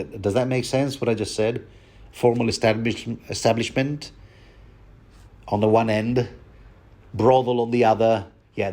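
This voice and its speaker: Male commentator, rambling and self-mocking, mid-pitched. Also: a little mellow. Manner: chatty, self-mocking, many fillers. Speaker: book commentator.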